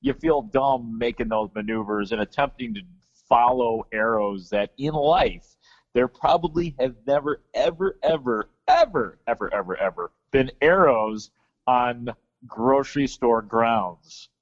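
A man's voice: medium pitch, expressive, a little slow, highs cut off. A man who is a talk show guest, chatting casually and speaking emphatically. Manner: emphatic, reacting with exclamations. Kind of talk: casual chat.

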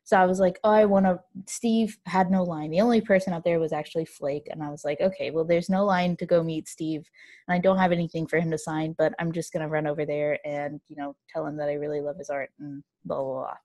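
A young woman with a fairly low voice chats casually as co-host, telling her story in long run-on bursts full of "like" and restarts. The sound is dry and close, with no room around it. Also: fast talker, no room sound. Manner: animated, run-on storytelling with many fillers.

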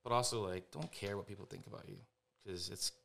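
A fast-talking man from Texas, a film director chatting casually and telling lively stories. His voice sits a bit low, and he acts out what other people said with quick energy. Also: gravelly, a little hiss or hum. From San Antonio, Texas. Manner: animated storyteller, acts out quotes. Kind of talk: casual podcast chat.

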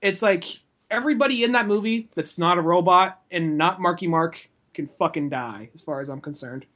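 A man's voice: high voice, normal speed, fairly bright tone, lo-fi sound. A man co-hosting a podcast, chatting casually about movies with dry, wry humor. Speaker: podcast co-host. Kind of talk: casual chat.

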